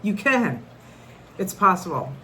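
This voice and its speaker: A woman's voice: medium pitch, very animated, slow, pushed and bright, a little hiss or hum, poor audio. A middle-aged woman telling a personal story to camera in an earnest, conversational way, often restarting her sentences. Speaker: vlogger.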